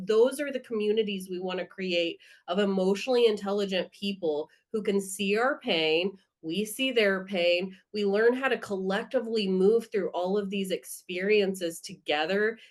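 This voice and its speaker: A woman speaking as a podcast guest in a casual conversation, earnest and heartfelt, thinking aloud as she goes. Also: medium pitch.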